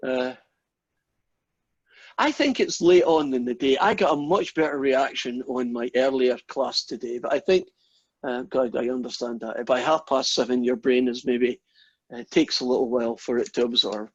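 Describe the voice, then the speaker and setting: Husky-voiced male math lecturer. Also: medium pitch, normal speed, no room sound. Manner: storytelling, chatty and informal. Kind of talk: online lecture with a joke. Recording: dull lo-fi audio, dry.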